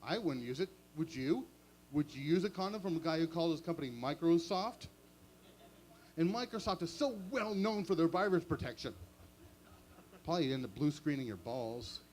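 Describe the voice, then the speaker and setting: A man's voice: on the high side, lively intonation, moderate pace, darkish tone. A man doing stand-up comedy at a small open mic, chatty and self-mocking. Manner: chatty, self-mocking, chuckles at own jokes.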